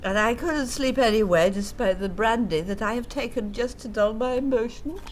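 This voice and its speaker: A woman's voice: on the high side, normal speed, slight background noise, natural voice. An actress playing a self-pitying, middle-aged English widow reading out her letter, sighing and fussy, with an English accent. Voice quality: melodramatic, sighing, fussy and prim.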